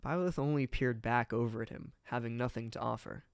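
A man's voice: medium pitch, brisk, vocal fry, no room sound. Man narrating a story, dry sound. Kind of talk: reading fan fiction aloud.

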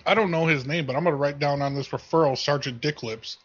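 A man's voice: fairly high pitch, quick pace, husky. A man joining prank calls with crude jokes and laughter. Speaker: prank caller sidekick. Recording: lo-fi tape with faint hiss.

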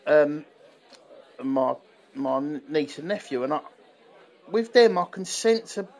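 A man chats on a podcast in a fairly high voice. He stalls often and repeats words as he gets his thoughts out. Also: a faint crowd. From London. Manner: halting, repeats words, animated. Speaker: podcast co-host. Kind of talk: casual chat.

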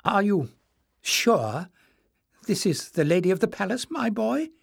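A man's voice: sits high, big pitch swings, measured pace, creaky, no room sound, studio quality, voice pushed up, full character voice. A man voicing a frail, courteous white-haired old man who speaks in a piercing whisper. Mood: doubtful.

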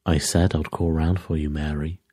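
A man's voice: extremely low pitch, little pitch movement, moderate pace, mellow, husky, no echo, clean studio sound. A man voicing a big, blustering male actor with a hearty, brash way of talking.

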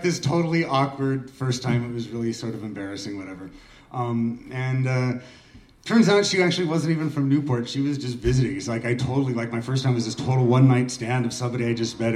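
A man's voice: medium pitch, fast talker, darkish tone. A man in his forties from Oregon, hosting an open mic and telling a casual, self-deprecating personal story with plenty of swearing. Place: small art gallery room. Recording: echoey room, mic far off.

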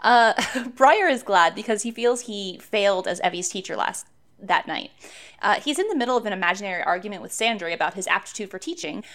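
A woman's voice: mid-range voice, lively intonation, a little fast, a bit bright. A woman co-hosting a podcast, recapping a book chapter in casual chat, laughing often and enthusiastic. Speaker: podcast co-host.

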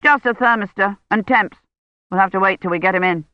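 A woman's voice: medium pitch, fairly quick, no room sound, natural voice. A woman voicing an irritated male medic who reports in a clipped, matter-of-fact way. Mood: curt. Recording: dull lo-fi recording.

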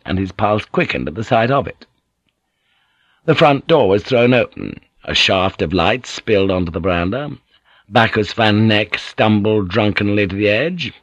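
A man narrating an audiobook in a measured, descriptive reading. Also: fairly low pitch, a bit bright, no echo. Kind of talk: scripted narration.

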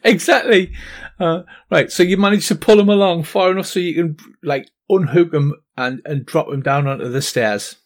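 Male game master, a touch high-pitched, halting delivery with frequent fillers. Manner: halting, full of ums and little laughs. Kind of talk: narrating a tabletop game.

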